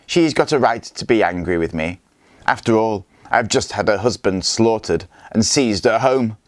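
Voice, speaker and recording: A man voicing a scheming, boastful Viking warlord who speaks with smooth-talking menace in a read-aloud story. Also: lowish voice, expressive, normal speed, no echo, voice pushed up, close to an everyday voice. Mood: mocking.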